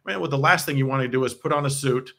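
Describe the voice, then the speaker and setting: A man's voice: mid-range voice, racing, creaky, sharp tone. An American man co-hosting a casual chat about church talks, explaining things at length and laughing often, speaking from home. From United States. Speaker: podcast co-host. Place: home in Provo, Utah.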